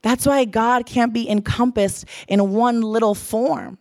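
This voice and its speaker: A woman's voice: fairly high pitch, fairly even intonation, measured pace, darkish tone, no echo, studio quality. A young adult woman giving an earnest sermon, repeating phrases for emphasis. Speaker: church speaker.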